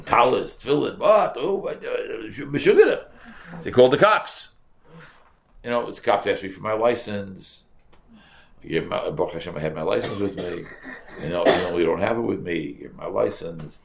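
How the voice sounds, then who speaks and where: An older rabbi preaching in a storytelling way, his voice low and gravelly. He talks with animation, repeats his words and drops Yiddish and Hebrew terms as he goes. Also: a little hiss or hum. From United States. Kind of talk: storytelling sermon.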